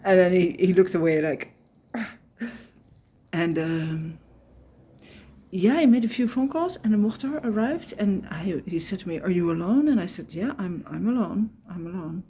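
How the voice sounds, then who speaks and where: Husky and dark-toned, her lowish voice has lively intonation, though she's unhurried and leaves long pauses. She's an Irish woman on a walking pilgrimage, casually vlogging the day's story to camera, retelling conversations and near tears with emotion.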